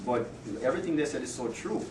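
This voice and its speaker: A man giving a casual farewell speech at a work party, chatty and jokey, halting often with fillers, reading part of it from his notes. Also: mid-range voice, expressive. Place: office party room. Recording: echoey room, distant mic, noisy.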